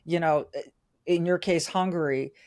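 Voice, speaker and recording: A woman's voice: on the low side, steady tone, measured pace, darkish tone. A middle-aged woman from California hosting a podcast interview, enthusiastic and direct. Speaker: podcast host. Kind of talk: conversational interview.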